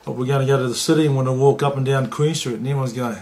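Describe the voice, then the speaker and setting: A middle-aged man recalls his playing days in an interview. He talks plainly, swears freely and acts out what others said, at an everyday pitch. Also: steady tone, racing, a little mellow. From New Zealand. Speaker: former rugby league player. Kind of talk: interview storytelling.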